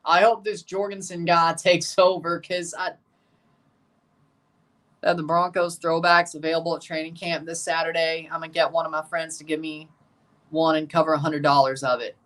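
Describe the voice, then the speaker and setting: A woman's voice: deep voice, flat delivery, moderate pace, recorded from a distance. A woman hosting a live watchalong stream, chatting with opinions and reacting aloud to the plays as they happen. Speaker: livestream host.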